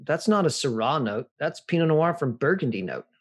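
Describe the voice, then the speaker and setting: A man's voice: fairly high pitch, lively intonation, normal speed, husky. A man hosting a wine tasting, explaining in a conversational way and speaking directly to listeners. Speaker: host.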